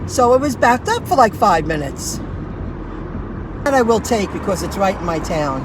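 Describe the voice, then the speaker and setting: A woman's voice: mid-range voice, sing-song, normal speed, noisy background. A woman who drives for food delivery, telling a rambling story on a casual livestream, repeating herself and restarting sentences.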